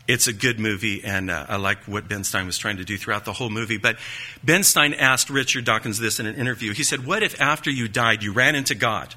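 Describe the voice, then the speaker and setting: A man preaching a sermon, teaching with measured emphasis, rhetorical questions and folksy asides. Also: mid-range voice, pushed and bright. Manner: folksy asides and light joking.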